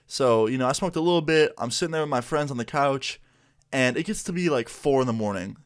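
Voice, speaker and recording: A man's voice: mid-range voice, expressive, brisk, smooth. A young man casually telling a story in a laid-back, slangy way, full of "like" and "you know.". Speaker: vlogger.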